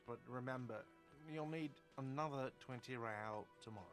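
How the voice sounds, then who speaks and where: A man's voice: mid-range voice, moderate pace, fairly bright tone, natural voice. Curt, businesslike male innkeeper, read by a man, with faint music behind.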